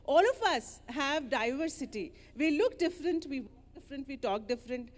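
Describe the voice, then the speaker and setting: A woman leading children through an interactive story, animated and coaxing as she gives playful directions. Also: sits high, moderate pace, big-room sound.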